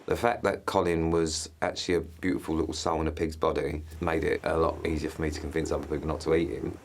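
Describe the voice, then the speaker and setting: A man with a very low, gravelly voice talks quickly and candidly in a confessional interview. He mocks himself as he goes, and music plays clearly behind him. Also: little pitch movement, a little hiss or hum. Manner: candid, self-mocking. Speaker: contestant.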